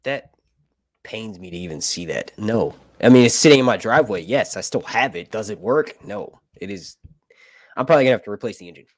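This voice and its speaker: A man talks through a film review in a loose, swearing, jokey way, his pitch jumping up and down as he goes. He drifts into tangents and reads passages aloud between them. The sound is close and dry, with no room around it. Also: lively intonation, a little fast, dry recording. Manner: profane, rambling, jokey asides. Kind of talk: casual movie commentary, reading aloud.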